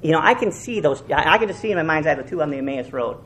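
A male pastor delivers a fervent sermon, his voice rising to loud, emphatic peaks and dropping to hushed lows. His pitch moves constantly and expressively, with words repeated for emphasis. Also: animated, racing, slight background noise. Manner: repeats and restarts phrases for emphasis.

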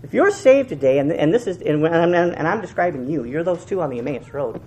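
A male pastor delivers a fervent sermon, his voice rising to loud, emphatic peaks and dropping to hushed lows. His pitch moves constantly and expressively, with words repeated for emphasis. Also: expressive, brisk, a little hiss or hum. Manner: repeats and restarts phrases for emphasis.

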